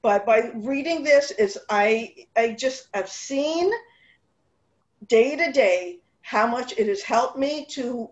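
High-voiced woman, lively and rambling. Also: slow. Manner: animated, rambling with restarts, sprinkles Hebrew and Yiddish words. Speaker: speaker at a women's Torah class gathering. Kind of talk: casual heartfelt talk. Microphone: video call. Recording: dull lo-fi video call audio with room echo.

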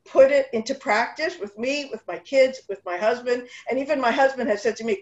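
Woman, middle-aged, high voice, rambling heartfelt talk, echoey room, lo-fi video call. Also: brisk, hardly any pauses. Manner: animated, rambling with restarts, sprinkles Hebrew and Yiddish words. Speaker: speaker at a women's Torah class gathering. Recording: dull lo-fi video call audio with room echo.

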